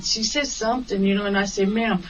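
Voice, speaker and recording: A woman's voice: mid-range voice, a little fast. Woman cab driver telling a story, far off. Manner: animated storyteller acting out quoted dialogue. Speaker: taxi driver. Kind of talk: recounting an incident in an interview. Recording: distant, muffled recording with faint hiss.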